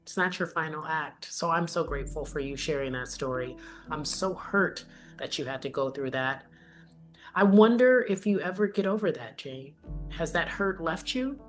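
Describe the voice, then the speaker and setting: Woman, podcast host, lowish pitch, affirming and supportive, faint music underneath. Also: lively intonation, normal speed. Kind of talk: warm interview conversation.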